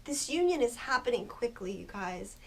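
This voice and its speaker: Earnest soft-spoken woman reading tarot. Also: on the high side, big pitch swings, moderate pace, slightly rough. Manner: earnest, soft-spoken, spiritual, many fillers. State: just woken early in the morning. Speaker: tarot reader.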